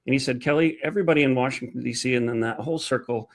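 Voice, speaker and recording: A man's voice: medium pitch, racing. A man hosting a heated interview, speaking with indignation that rises into outrage. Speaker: host.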